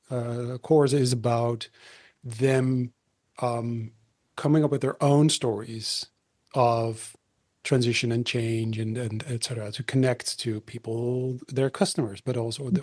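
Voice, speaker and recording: A man hosting a podcast, telling an anecdote in casual chat, halting and full of fillers. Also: medium pitch, darkish tone. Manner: halting, many fillers and restarts. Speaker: podcast host.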